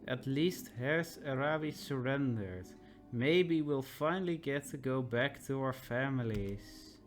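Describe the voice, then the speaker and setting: A man's voice: mid-range voice, takes it slowly, soft background music, lightly acted. A man voicing a disillusioned young soldier in a video game, speaking in a weary, troubled way.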